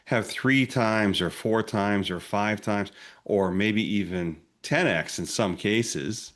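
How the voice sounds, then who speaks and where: Male advisor guest, deep voice, plainspoken, conversational. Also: slow, a bit bright. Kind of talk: conversational panel discussion.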